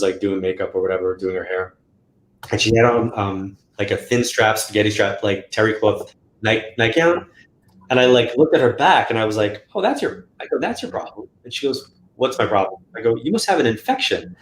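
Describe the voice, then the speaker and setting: Speaking a little fast in a lowish voice, this psychic medium recounts stories casually while being interviewed. He animates them by acting out quotes in a raised voice. The space sounds echoey.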